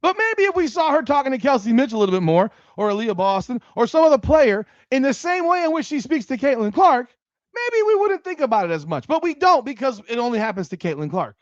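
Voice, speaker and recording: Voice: high voice, big pitch swings, fast, no room sound, highs cut off. A sports commentary host ranting on a livestream, profane and heated.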